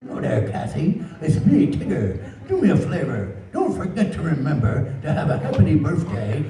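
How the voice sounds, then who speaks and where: Brief: bouncy, giggly cartoon tiger, high and gleeful, captured far off in an echoing crowded hall. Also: male voice, huge pitch swings, normal speed, very noisy. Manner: giggly, bouncy, shouting with glee. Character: bouncy cheerful cartoon tiger, male, playful.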